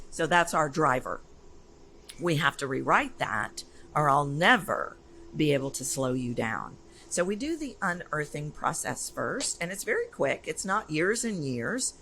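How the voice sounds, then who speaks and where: A woman's voice: sits low, a little hiss or hum, poor audio. A woman, a voice coach being interviewed, talking energetically and emphatically in a casual conversation. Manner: energetic, emphatic, animated storytelling. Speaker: voice coach guest.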